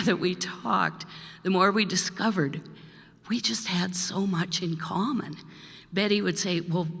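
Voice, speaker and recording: With a low, creaky, slightly bright voice, an older Manitoban woman chats her way into introducing one of her songs, telling a meandering story and laughing frequently. She's a singer-songwriter performing live in a church hall, where the sound reverberates over faint music.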